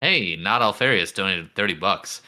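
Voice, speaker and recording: A man's voice: sits low, animated, moderate pace, bright, forceful tone. A man co-hosting a podcast in casual chat, with a wry, teasing manner. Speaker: podcast co-host.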